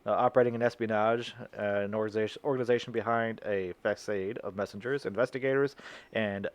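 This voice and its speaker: A man co-hosting a podcast, reading notes haltingly with slips, swearing and laughing in casual chat. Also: on the low side, fairly even intonation, no echo. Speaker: podcast co-host.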